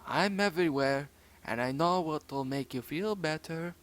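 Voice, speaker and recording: A man voicing a mysterious hypnotist in a top hat, with a put-on French accent and a slow, sinister manner. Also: on the high side, close to an everyday voice. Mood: sly.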